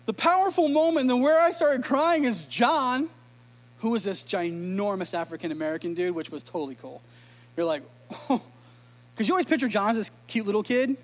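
Brief: an emotional, animated preacher with a very high voice, casual sermon. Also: male voice, normal speed. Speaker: pastor.

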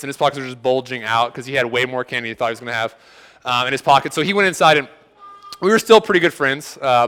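A male pastor preaches in a loose, conversational way. His voice is bright and a touch high. He tells stories and acts out both sides of the dialogue. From United States. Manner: conversational storytelling with quoted back-and-forth. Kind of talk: sermon.

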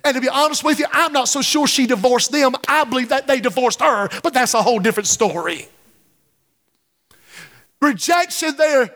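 A man preaching a sermon as pastor, impassioned, stretching some phrases slowly and letting others swell. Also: extremely high pitch, a bit bright. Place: church sanctuary. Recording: long reverb in a large hall.

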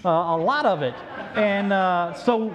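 A man voicing a poor widowed mother in a sermon story, in an animated storytelling manner, on a dull lo-fi recording. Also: sits high, measured pace, some chatter behind. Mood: excited. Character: poor widowed mother, anxious then overjoyed.

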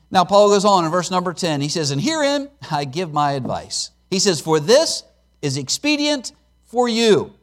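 A man preaches from the pulpit in a high, animated voice that leaps up at his points. He mixes folksy jokes into his sermon and leans hard on key words. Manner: lively preaching, rising to emphatic peaks with chuckles and asides. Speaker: preacher, missionary.

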